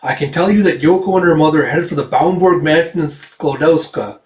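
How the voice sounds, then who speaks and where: A man's voice: a little high, brisk, voice pushed up, close to an everyday voice. A man voicing a theatrical, scheming baron while reading a comic aloud. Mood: grandiose. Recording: roomy, distant mic.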